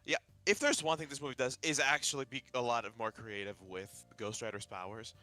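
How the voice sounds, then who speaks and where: A man's voice: mid-range voice, a little fast, sharp tone, soft background music. A man in a casual voice chat with friends, blunt and teasing with crude jokes.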